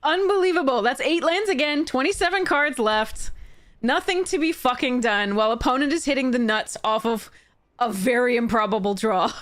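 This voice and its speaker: A young woman commentating her own card game matches, swearing and laughing in frustration, swinging from exasperated outbursts to flat mutters. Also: high voice, moderate pace. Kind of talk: casual gameplay commentary.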